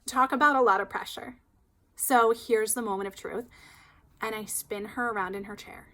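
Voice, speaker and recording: Woman hairstylist, higher voice, chatty and animated, casual storytelling. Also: moderate pace. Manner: chatty, animated, heavy use of "like".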